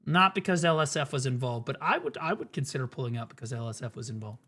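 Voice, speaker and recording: A man's voice: medium pitch, animated, fast talker, bright, forceful tone. A man streaming live reaction commentary, blunt and profane, repeating his points as he gets riled up. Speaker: streamer host.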